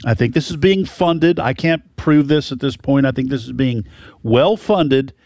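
A man's voice: medium pitch, moderate pace, darkish tone, dry recording. A man co-hosting a political talk radio show, making his points in an opinionated, emphatic way.

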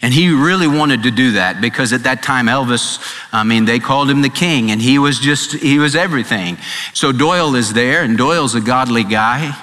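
A man's voice: moderate pace, sharp tone. A man preaching a sermon as a pastor, telling a story and acting out its dialogue. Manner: storytelling preacher, acts out dialogue with shifts in pitch and pace. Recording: sermon in a hall with long reverb and faint music.

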